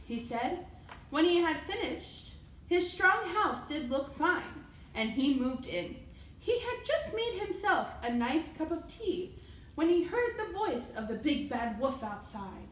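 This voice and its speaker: A woman on the library staff reading a fairy tale aloud in a lively, expressive storybook manner. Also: high voice, a little slow, reverberant, a little hiss or hum, rough recording.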